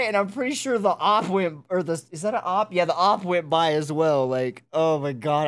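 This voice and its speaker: A young adult streamer chatting casually while opening game cases, swearing and yelping loudly when excited. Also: mid-range voice, moderate pace, hardly any pauses, no echo. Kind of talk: casual live-stream commentary.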